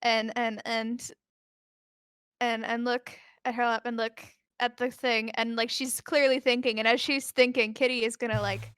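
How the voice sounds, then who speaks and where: A woman's voice: fairly high pitch, little pitch movement, moderate pace, a bit bright, smooth, no echo, studio quality. A woman playing a tabletop role-playing game, describing her character's actions in a chatty, rambling way. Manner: chatty, lots of likes and restarts. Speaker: player. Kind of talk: tabletop role-play chat.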